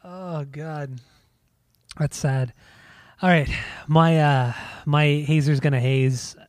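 Dry-teasing young man, mellow voice. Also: a little high, fairly even intonation, slow pace, no echo. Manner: dry teasing, runs the segments. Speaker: podcast co-host. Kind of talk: casual chat.

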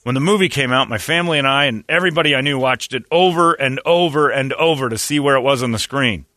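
Sarcastic male talk host, bright and dry. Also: medium pitch, quick pace, no room sound. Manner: sarcastic, mocking, reads quotes in put-on voices. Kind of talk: casual talk radio banter.

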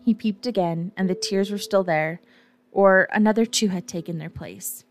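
A woman narrating a storybook gently, with a dry, wry edge. She has a middle pitch, and faint music sits behind her voice. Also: moderate pace. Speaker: audiobook narrator.

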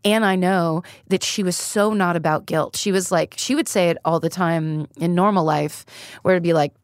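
A woman's voice: lowish voice, normal speed, dry recording. Frank, profane woman comedian, dry sound. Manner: frank and profane, laughing through grim stories. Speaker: comedian guest. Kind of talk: candid conversational storytelling.

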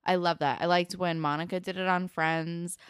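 Low-voiced chatty woman, dry sound. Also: fairly even intonation, normal speed, clear, resonant tone, dry recording. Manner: chatty, swears casually, acts out quotes. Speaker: podcast co-host. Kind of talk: casual TV recap chat.

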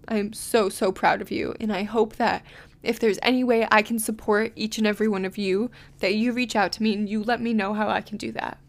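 A woman in her twenties hosting a solo podcast, talking in a heartfelt, encouraging and emotional way. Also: a little high. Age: 20s. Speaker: podcast host.

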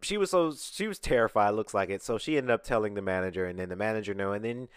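Fast and smooth, his fairly low voice carries an animated story as this Atlanta podcast host chats casually and mimics what others said. The recording studio setup and podcast mic yield studio-quality audio free of room sound.

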